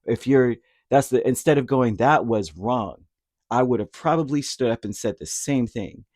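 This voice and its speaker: A man's voice: medium pitch, moderate pace, darkish tone, no room sound, studio quality. A man giving a casual, rambling tarot reading, talking conversationally with lots of fillers and asides. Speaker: tarot reader.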